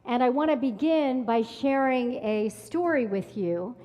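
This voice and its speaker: A woman leading a synagogue service who tells a story as a sermon in a slow, measured way. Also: fairly high pitch, expressive, warm tone. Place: synagogue sanctuary. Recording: long reverb in a large hall.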